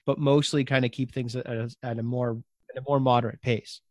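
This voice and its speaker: A man's voice: mid-range voice, level tone, fairly quick, a little mellow, no room sound, studio quality. A man hosting a podcast interview, thinking aloud and rephrasing his guest's advice in his own words. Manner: thoughtful, summarizes and rephrases the guest's points. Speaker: podcast host. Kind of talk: conversational interview.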